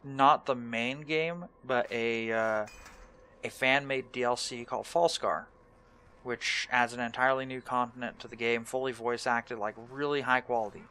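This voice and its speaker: A young man hosting a relaxed let's play, talking in a laid-back, rambling and self-mocking way. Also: medium pitch, normal speed, clear, resonant tone. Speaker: gaming channel host.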